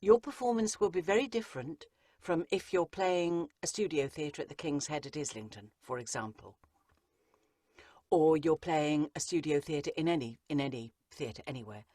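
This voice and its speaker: A woman's voice: low voice, moderate pace, warm tone, dry recording. A middle-aged Englishwoman, an acting coach talking through her craft in an interview and slipping into playful voices to make her points. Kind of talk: interview on a podcast.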